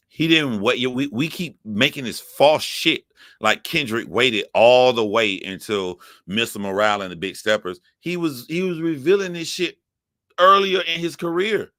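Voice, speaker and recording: A man's voice: lowish voice, pushed and bright, no room sound, clean studio sound. A man giving heated, profane commentary to his live chat as a streamer. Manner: profane, emphatic ranting.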